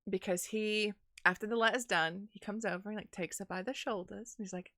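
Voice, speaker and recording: A woman retells her tabletop roleplaying session in loose, animated chat. Her voice sits mid-pitch for a woman and sounds dry and close. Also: brisk, no room sound. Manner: animated storytelling with frequent fillers. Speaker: player recapping a roleplaying game. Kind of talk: casual recap chat.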